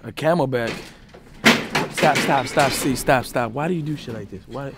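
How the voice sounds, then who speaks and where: A man's voice: mid-range voice, moderate pace, very noisy. Young man vlogging with slangy banter. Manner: loose slangy banter with friends. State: under the weather, short on sleep. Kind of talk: casual vlog chat. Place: out and about, in a store.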